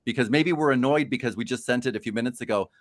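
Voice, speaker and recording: A man's voice: mid-range voice, fast. A man co-hosting a casual chat about job hunting, rambling and self-deprecating. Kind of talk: casual video-call chat.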